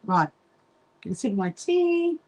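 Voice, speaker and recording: A woman from the UK hosting a casual sewing livestream, chatting while she stitches, reading viewer comments aloud and often pausing with little asides. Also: a little high, sing-song, warm tone. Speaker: livestream host.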